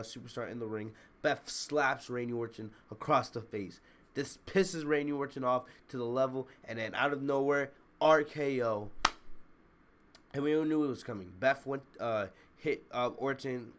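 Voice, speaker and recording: A man's voice: mid-range voice, a bit bright. A man giving a blunt, opinionated review in a casual ranting manner, often repeating his points. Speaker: wrestling show reviewer.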